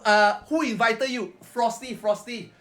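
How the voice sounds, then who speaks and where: A man's voice: extremely high pitch, fairly even intonation, a little slow, fairly bright tone, faint music behind. A man putting on the voices of nonchalant male esports players chatting casually, laid-back and repeating himself. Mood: easygoing.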